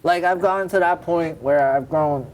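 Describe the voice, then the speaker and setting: A man's voice: fairly high pitch, normal speed, a little hiss or hum. A man in his thirties from Cambridge, Massachusetts, a rapper talking candidly and a bit rambling as a guest in a TV studio interview. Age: 30s. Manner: candid, rambling, self-correcting. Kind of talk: casual interview talk.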